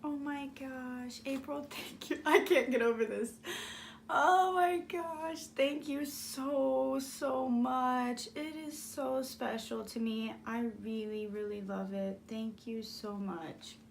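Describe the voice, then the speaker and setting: A high-voiced woman talks her viewers through a craft mail unboxing in an unhurried way. She gushes over every item and squeals with delight. A faint hum runs behind her. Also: fairly even intonation, vocal fry. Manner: gushing, squealing and gasping with delight. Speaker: craft vlogger. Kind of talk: excited unboxing vlog.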